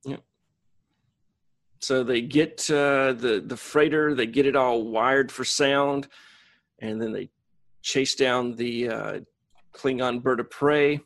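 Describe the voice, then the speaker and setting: A man's voice: medium pitch, fairly even intonation, slow pace, long pauses, fairly bright tone, no echo. Crude, jokey podcast co-host man. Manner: crude, jokey, acts out characters in quotes. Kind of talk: casual chat recapping a TV episode.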